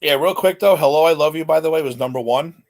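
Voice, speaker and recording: A man's voice: a little high, fast. A man co-hosting a casual music podcast, sharing trivia and laughing easily. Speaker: podcast co-host.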